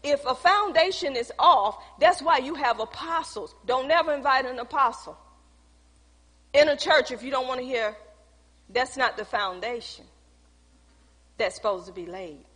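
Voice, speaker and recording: Woman pastor, sermon testimony, high voice, husky tone, long hall reverb. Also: normal speed, long pauses, a bit bright. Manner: storytelling, reenacting conversations, preachy emphasis.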